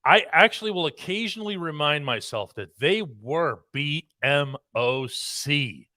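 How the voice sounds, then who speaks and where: A man's voice: on the high side, animated, measured pace, pushed and bright, no echo, studio quality. A man co-hosting a casual sports talk show as a sports columnist, speaking in an articulate, wry way and reading out listener questions.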